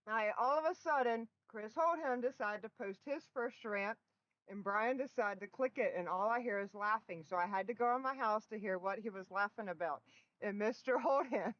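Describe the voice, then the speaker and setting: A woman's voice: mid-range voice, moderate pace, fairly bright tone, no echo, dull audio. A middle-aged woman hosting a casual live stream from home, chatting with viewers and often breaking into laughter, recorded on a laptop mic. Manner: giggly, bursts of laughter. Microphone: built-in laptop microphone.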